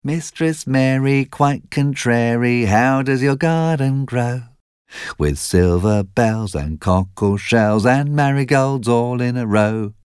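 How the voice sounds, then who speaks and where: A man's voice: on the high side, big pitch swings, measured pace, a little mellow, no echo, studio quality, voice pushed up. A man voicing a teasing young boy who speaks in a mocking, sing-song way in a storybook reading.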